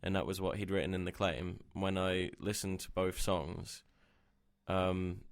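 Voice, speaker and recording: A man's voice: low-pitched, steady tone, measured pace, vocal fry. A young man co-hosting a podcast in casual chat, laid-back and swearing freely. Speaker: podcast co-host.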